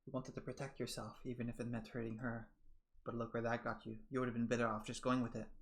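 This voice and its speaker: A man voicing a quiet, accusing inner voice that scolds the hero. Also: mid-range voice, level tone, fast, natural voice.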